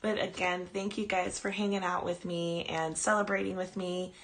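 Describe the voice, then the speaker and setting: A woman podcast host rambles casually through a personal ghost story on a live stream, chatting away and stopping to coo at her dog. Her voice is lowish, her delivery flat, and she speaks at normal speed.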